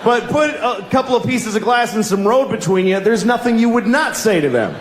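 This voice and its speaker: A man performing a stand-up comedy routine for a live audience, exasperated, swinging from a low mutter to yelled punchlines. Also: lively intonation, brisk, slight background noise. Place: large hall with live audience. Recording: roomy live hall, audience laughter.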